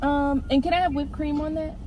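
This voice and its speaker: A woman's voice: high-pitched, fairly even intonation, brisk, warm tone, slight background noise, rough recording. A young woman, venting exasperated rants to her vlog camera from her car. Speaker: vlogger.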